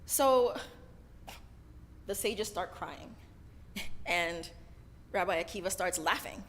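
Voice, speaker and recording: A woman's voice: lowish voice, slow, a bit bright, a little hiss or hum. A woman giving a casual storytelling sermon at a synagogue service, chatty and keeps adding "right?" as she talks. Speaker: sermon speaker.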